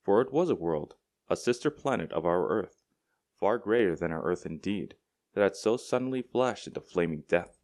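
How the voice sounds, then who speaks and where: A man reading a classic short story aloud as an audiobook narrator, in a measured, deliberate storytelling manner. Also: deep voice, expressive, darkish tone. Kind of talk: scripted narration.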